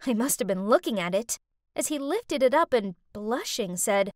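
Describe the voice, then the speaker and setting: Expressive high-voiced woman narrator. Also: normal speed, dry recording, clean studio sound. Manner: expressive, dramatic first-person storytelling. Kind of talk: scripted narration of an animated story.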